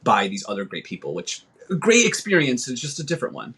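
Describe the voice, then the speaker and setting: A man's voice: medium pitch, wildly swooping pitch, fairly quick, fairly bright tone, husky. A young man who is a podcast guest, speaking candidly with swearing and frequent restarts in casual chat. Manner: candid, profane, rambling with restarts.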